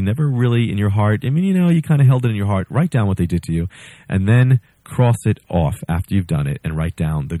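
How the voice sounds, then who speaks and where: Male preacher, husky, low-pitched, lively delivery, casual sermon with restarts, dry sound. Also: dry recording. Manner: conversational, acts out story voices, frequent restarts.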